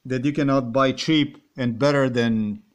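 A man's voice: mid-range voice, steady tone, a little slow, clean tone. A man with a Slovenian accent rambling and ranting in a monologue, swearing and firing off repeated rhetorical questions. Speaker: vlogger.

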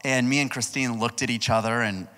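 Animated youth pastor in a reverberant hall. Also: male voice, mid-range voice, brisk. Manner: animated storytelling, asks the crowd questions. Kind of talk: youth sermon with personal story.

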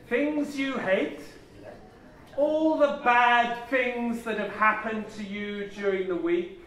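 High-voiced man in an echoey hall. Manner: energetic, coaxing, theatrical, laughs often. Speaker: plenary speaker leading a voice warm-up. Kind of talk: leading a group vocal exercise at a conference. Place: large conference hall. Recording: very echoey hall, mic far off.

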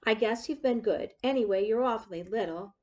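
A woman voicing a kindly mother dog in a storybook read-aloud, gentle and reassuring. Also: fairly high pitch, a little fast, dull audio, close to an everyday voice.

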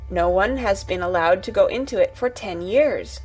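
A woman's voice: medium pitch, normal speed, darkish tone, slightly rough, close to an everyday voice, low-quality recording. A woman voicing a curious, wary ten-year-old girl who speaks carefully and a little nervously, read from a storybook. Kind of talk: storybook reading.

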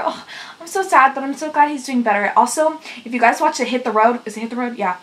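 A young woman hosts a YouTube fan reaction vlog, her fairly high, fairly bright voice moving quickly as she gushes, squeals and fangirls breathlessly. Faint music plays behind her, and the audio quality is poor.

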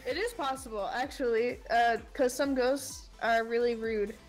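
A chatty woman gamer joins friends in a co-op session, teasing and laughing her way through. Her voice sits a bit high, with faint music playing under it. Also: fairly even intonation, a little slow. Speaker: guest player. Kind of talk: casual gaming chat.

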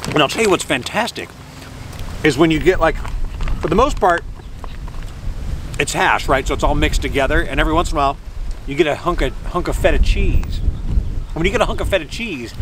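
A man's voice: on the high side, lively intonation, normal speed, long pauses. A man rambling casually through a food review with jokey asides, sitting outdoors by the water and filming on a hand-held camera. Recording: outdoor traffic and vehicle noise.

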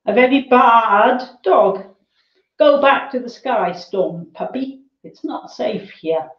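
A woman's voice: on the high side, animated, slow, pitched above the performer's own voice. Smug, mocking sheep, as a woman reading a storybook puts them on, teasing with a raised, cheeky voice. The reading has a roomy, dull lo-fi sound. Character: smug joking flock of sheep. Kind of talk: reading a children's novel aloud.

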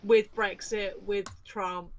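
A woman's voice: mid-range voice, little pitch movement, takes it slowly, poor audio. A woman co-hosting a casual podcast, laughing often and agreeing briefly. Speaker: podcast co-host.

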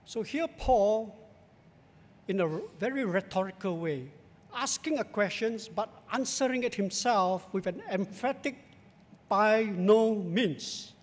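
A male pastor with a Singaporean accent, preaching in a measured, emphatic, rhetorical way in a church. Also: high voice, lively intonation. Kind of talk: sermon. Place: large church sanctuary. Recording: long church hall reverb.

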